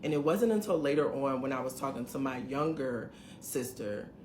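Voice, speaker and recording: A woman's voice: a bass voice, lively intonation, normal speed, a little mellow. A middle-aged woman at home, animatedly telling viewers a story in a casual, emphatic way. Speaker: vlogger recounting a dating experience. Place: her home, indoors. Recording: roomy room echo, faint background hiss.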